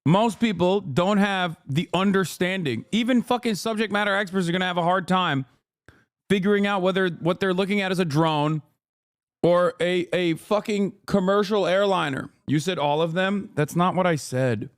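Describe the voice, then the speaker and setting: A man's voice: high voice, normal speed. A male livestream host giving combative, sarcastic and profane reaction commentary.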